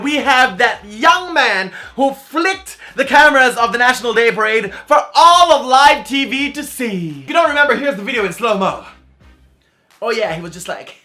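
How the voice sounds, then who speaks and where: A man's voice: very high-pitched, animated, fairly quick, sharp tone. A young man with a Singaporean English accent, hosting a comedic countdown vlog in a theatrical, sing-song way. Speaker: vlogger.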